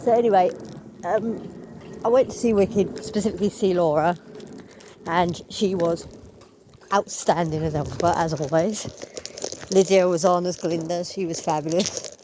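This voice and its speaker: A woman's voice: lowish voice, steady tone, moderate pace, long pauses, background noise. A woman telling a rambling, opinionated story as a theatre fan vlogger. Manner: chatty, opinionated, rambling with asides. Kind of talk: casual storytelling vlog.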